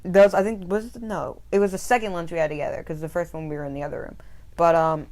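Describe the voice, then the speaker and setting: A man's voice: fairly high pitch, steady tone, fast, a little mellow. A teenage boy from Minnesota whose voice is breaking, co-hosting a casual podcast and rambling with lots of "like" and restarts. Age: teens. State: voice breaking with puberty. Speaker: podcast co-host. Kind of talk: casual chat.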